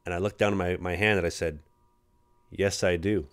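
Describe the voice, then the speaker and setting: A man's voice: low-pitched, fairly even intonation, fairly quick. A young man with a Canadian accent, a pro hockey rookie co-hosting a podcast, rambling through anecdotes and acting out his teammates. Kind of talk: casual storytelling chat.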